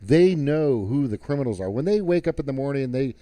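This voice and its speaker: A man's voice: medium pitch, lively intonation, a little fast, warm tone, dry recording. A man on a live stream, telling a rowdy story in casual, profane talk that turns into a heated political rant.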